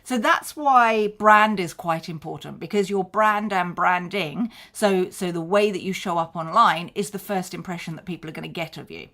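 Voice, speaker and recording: A woman's voice: lowish voice, normal speed, hardly any pauses, fairly bright tone. Woman coaching in a chatty way. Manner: conversational, acts out short snippets of dialogue. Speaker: marketing coach. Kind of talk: explaining to camera.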